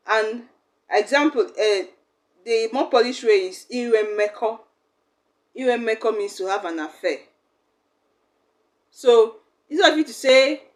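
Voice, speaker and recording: A young woman, teaching a language lesson in a chatty, explaining way. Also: fairly high pitch. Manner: chatty, acts out little quoted exchanges.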